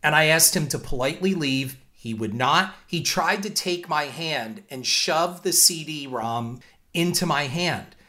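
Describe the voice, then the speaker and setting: A man's voice: fairly high pitch, a little slow, pushed and bright. A man hosting a show and telling stories from his career, firm and indignant, laying out his points one by one. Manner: emphatic, lays out points in numbered order. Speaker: filmmaker and show host. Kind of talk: storytelling monologue.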